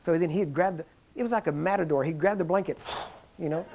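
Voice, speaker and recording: A male preacher telling stories in a sermon, laughing often and acting out the people he describes, getting louder as he goes. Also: fairly high pitch, quick pace. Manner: grows louder and more excited as the story builds. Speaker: preacher teaching on healing. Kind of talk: storytelling sermon talk.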